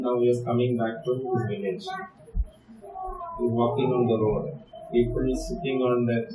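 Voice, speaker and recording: A man's voice: mid-range voice, a little mellow, a little hiss or hum. A man pastor preaching a sermon, telling a story and often checking with the listeners by asking "right?". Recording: echoey room, distant mic.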